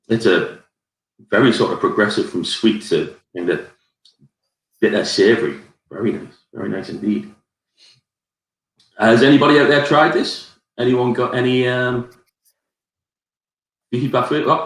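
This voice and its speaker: A man with a Geordie accent hosting a live whisky tasting, rambling through his tasting notes with plenty of fillers. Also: on the low side. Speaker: whisky society ambassador. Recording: roomy echo.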